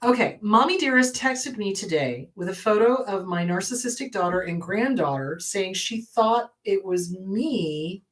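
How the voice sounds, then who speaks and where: A woman's voice: mid-range voice, lively intonation, unhurried, few pauses, far from the mic. A woman therapist hosting an advice show, answering viewer questions in a blunt, emphatic way and repeating her key advice.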